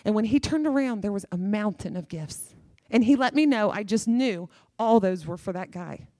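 A woman's voice: mid-range voice, animated, moderate pace, warm tone, no echo, studio quality. A middle-aged woman preaching a sermon with fervor, emphatic and repeating phrases for effect.

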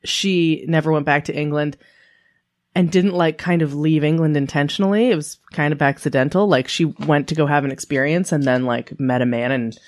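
A woman's voice: low voice, moderate pace, darkish tone. A woman co-hosting a podcast, telling family stories in a rambling, casual way with lots of "like". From Canada. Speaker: podcast co-host. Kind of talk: casual chat.

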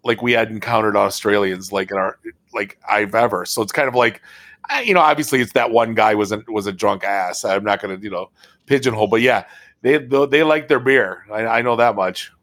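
A man's voice: on the low side, fairly quick, a bit bright, dry recording. An American man chatting casually as a podcast co-host, laid-back and joking. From United States. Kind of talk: casual chat.

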